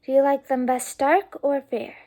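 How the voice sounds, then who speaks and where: Gushing young lady voiced by a woman, breathless exclamations, high voice, mellow tone. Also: steady tone, moderate pace, lightly acted.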